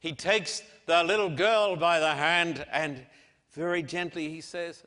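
Man, preacher, dramatic sermon, loud-to-hushed swings, bright voice, long hall reverb. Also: a little high, measured pace. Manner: emphatic, swings between loud declarations and hushed softness. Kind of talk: dramatic sermon with scripture reading.

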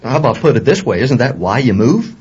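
A man's voice: medium pitch, very animated, brisk, a little mellow, slightly rough. A man co-hosting a radio talk show, dry and skeptical, arguing his points. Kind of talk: casual on-air chat. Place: radio studio. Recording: dull lo-fi radio recording.

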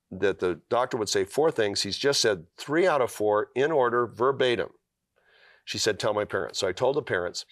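Middle-aged male guest author, earnest storyteller, low-pitched, dry studio sound. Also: fairly bright tone, no room sound. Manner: earnest storyteller, acts out quoted lines, with fillers and restarts. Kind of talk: storytelling in a talk show interview.

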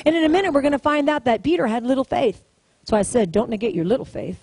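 A woman's voice: high voice, lively intonation, fast talker, a little mellow, slightly rough, no room sound, rough recording. A woman preaching a sermon to a congregation, emphatic and repetitive, calling out to the room and getting them to repeat lines. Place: church service, in front of a congregation.

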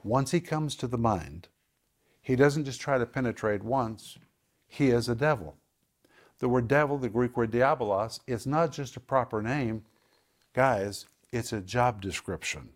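A man teaching scripture on a broadcast program, his voice sitting at an ordinary middle pitch. He hammers his points home by repeating words and slows right down on the key terms. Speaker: Bible teacher.

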